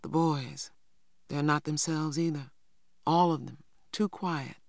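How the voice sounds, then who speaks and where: A reader voicing a gentle, anxious mother who speaks softly but firmly, in a dry, close recording. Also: medium pitch, steady tone, slow pace, no room sound. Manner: soft, tender, firm when giving orders. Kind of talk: audiobook character voice.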